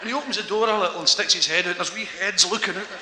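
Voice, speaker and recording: A man's voice: sits high, racing. A man telling stand-up stories live on stage, rambling and giggling as he acts out characters, in an echoey hall with background noise. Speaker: stand-up comedian.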